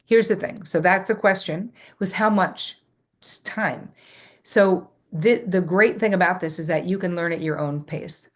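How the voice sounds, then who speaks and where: A middle-aged woman hosting a live workshop, reading out viewer comments and answering them with effusive enthusiasm. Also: fairly low pitch. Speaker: host.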